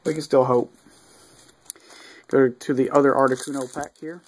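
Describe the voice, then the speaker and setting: A man giving casual unboxing commentary, reading off cards one by one with easygoing, mildly excited asides and fillers. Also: medium pitch, normal speed. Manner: easygoing, reads off cards one after another. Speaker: video creator opening card packs.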